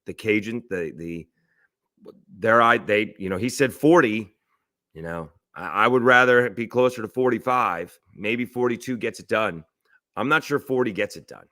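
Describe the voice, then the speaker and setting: A man's voice: fairly low pitch, normal speed, sharp tone, no room sound, studio quality. A man hosting a solo sports talk show, thinking aloud over stats with fillers, restarts and rhetorical questions. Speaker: sports radio host.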